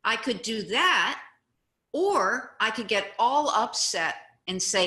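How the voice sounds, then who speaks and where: A woman's voice: a little high, lively intonation, a little slow, bright, forceful tone, reverberant. A woman guest chatting with a child host, telling stories and acting out examples in an encouraging way. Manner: encouraging, storytelling with acted-out examples. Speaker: guest, anti-bullying advocate. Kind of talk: casual interview chat with a child.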